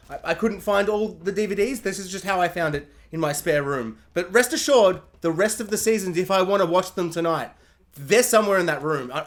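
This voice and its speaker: A man's voice: high voice, a bit bright. A man giving an exasperated, self-mocking rant in a video review, breaking into laughter often. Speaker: show reviewer.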